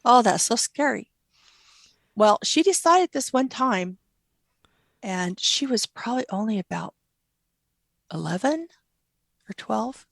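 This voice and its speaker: A middle-aged woman, a guest mother, telling gentle stories about her daughter in an interview. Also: on the high side, slow pace, gravelly, pauses often, no echo. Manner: tender, animated quoting of her child. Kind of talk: storytelling interview.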